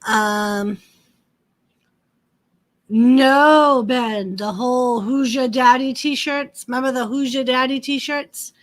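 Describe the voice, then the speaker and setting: A woman livestream host with a high voice and fairly even intonation chats slowly and casually about wrestling, welcoming viewers by name as they come in.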